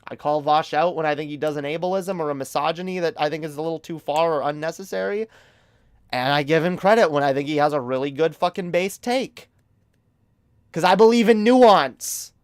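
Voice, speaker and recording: A man's voice: a little high, brisk, clear, resonant tone, dry recording, studio quality. A man streaming a heated, casual commentary rant, emphatic and profane, often stumbling over repeated words.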